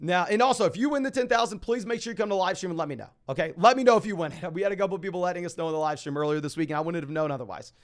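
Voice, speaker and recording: A young man hosting a fantasy football live stream, reading viewer questions aloud and answering them in quick, energetic sports talk. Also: high voice.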